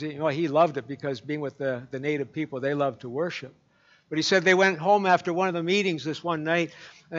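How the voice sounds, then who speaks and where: Folksy pastor preaching. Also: male voice, on the high side. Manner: folksy and rambling, with many fillers and restarts. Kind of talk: sermon. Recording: dull lo-fi recording.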